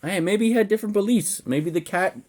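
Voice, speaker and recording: A young man co-hosting a podcast in casual chat, teasing his partner with quick comebacks and frequent laughter. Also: sits high, darkish tone. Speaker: podcast co-host.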